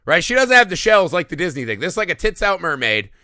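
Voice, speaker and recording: A man talks through a film's plot with plenty of swearing, popping into quick mocking voices for the characters. His voice is bright and swings widely in pitch. The sound is close and dry. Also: no room sound. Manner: profane, animated retelling of scenes with quick mock voices. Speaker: podcast co-host. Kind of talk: casual movie-review chat.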